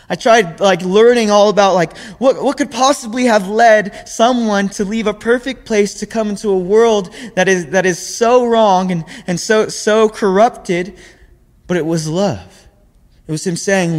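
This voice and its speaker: A man's voice: high voice, moderate pace. A young man giving a sermon in an earnest way, often repeating words as he searches for the next phrase. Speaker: preacher. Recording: long hall reverb.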